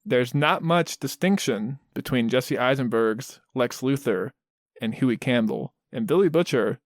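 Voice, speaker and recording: A man's voice: mid-range voice, unhurried, dry recording. Wry man in dry podcast banter. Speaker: podcast co-host.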